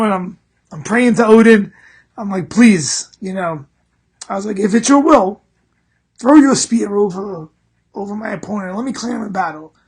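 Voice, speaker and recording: Casting: middle-aged man, husky voice, animated storyteller who swears a lot. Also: high voice. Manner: animated, profane, laughing through story. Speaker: podcast host. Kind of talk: casual storytelling.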